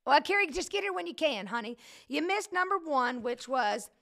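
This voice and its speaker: A woman's voice: high-pitched, big pitch swings, normal speed, creaky, a bit bright. A woman leading a casual livestream Bible study, preaching in a chatty, joking way that keeps wandering off into digressions.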